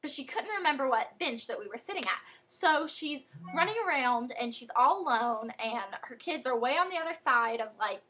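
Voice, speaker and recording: A young American woman chatting through a childhood story in a casual vlog, animated and full of fillers. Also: sits high, moderate pace, hardly any pauses, slight background noise. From United States. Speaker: vlogger.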